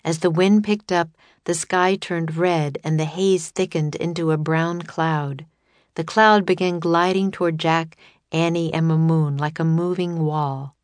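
A woman narrating a children's chapter book in a steady, expressive reading. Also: low voice, unhurried, dry recording. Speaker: audiobook narrator. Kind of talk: scripted storybook narration.

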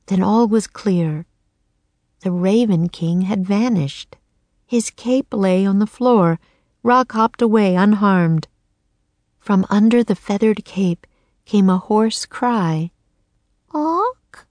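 A woman narrating a children's storybook in a clear, steady storytelling voice. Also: mid-range voice, slow, dry recording.

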